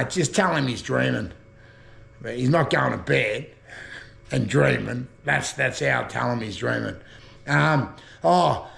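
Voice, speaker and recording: A man's voice: fairly high pitch, gravelly, fairly bright tone. A man with an Australian accent chatting casually about slang, rambling, swearing freely and laughing at his own jokes. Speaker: vlogger. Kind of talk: casual chat explaining slang.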